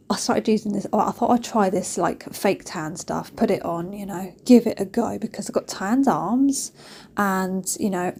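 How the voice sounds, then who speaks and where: A woman telling stories in a chatty, animated way, recording a voice-over in her kitchen. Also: mid-range voice, husky. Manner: chatty, animated, laughing storyteller. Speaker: vlogger. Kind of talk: casual storytelling voice-over.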